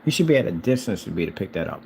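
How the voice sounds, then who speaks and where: Mocking, combative man with a lively voice. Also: low voice, racing, slight background noise, rough recording. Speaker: screen paint seller. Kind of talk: heated reaction rant.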